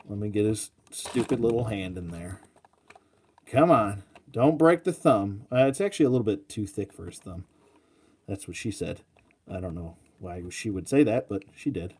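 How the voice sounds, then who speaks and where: A man's voice: mid-range voice, darkish tone. A man talking casually through a toy review with a mid-range voice. He rambles, trails off into ums and uhs, and slips in self-mocking jokes.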